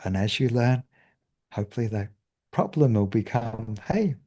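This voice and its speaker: A man's voice: on the low side, steady tone, moderate pace, dark tone. A man, a meditation teacher giving a cheerful spiritual talk and laughing often.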